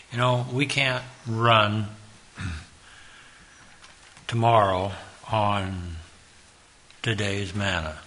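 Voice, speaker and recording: A man preaching a sermon, slow and earnest, repeating his point and rising to sudden loud emphasis. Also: fairly low pitch, steady tone, slight background noise.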